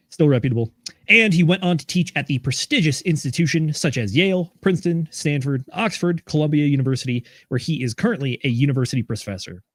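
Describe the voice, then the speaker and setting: A man's voice: medium pitch, no room sound, clean studio sound. A man hosting a casual podcast, reading listener comments and notes aloud with joking asides. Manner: easygoing, reads aloud with asides. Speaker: podcast host.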